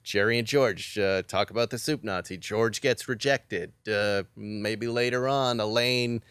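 A man's voice: lowish voice, measured pace, clear, resonant tone, no room sound. A middle-aged man, a comedy writer, telling a story in a podcast interview and acting out the quotes. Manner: animated storyteller who acts out quotes.

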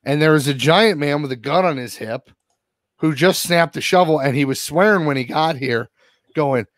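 A man's voice: a little high, moderate pace, dry recording, studio quality. A man co-hosting a podcast, telling a long story and swearing constantly. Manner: swears constantly, animated retelling. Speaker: podcast co-host. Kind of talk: casual profane storytelling.

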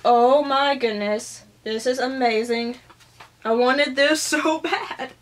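Gushing high-voiced woman vlogger. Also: takes it slowly. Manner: gushing and excited, often tearful and soft. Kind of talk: casual unboxing vlog.

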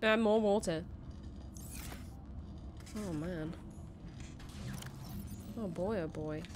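A woman giving casual, excitable let's-play commentary, chattering to herself and to the creatures she meets. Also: on the low side, drawn-out words, noisy background. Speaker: game streamer. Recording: game music under voice. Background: game music.

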